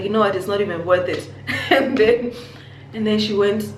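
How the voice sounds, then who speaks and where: Zimbabwean woman telling a storytime. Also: mid-range voice. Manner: animated storytelling, acts out quotes. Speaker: YouTuber. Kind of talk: storytime vlog. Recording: echoey room, faint noise.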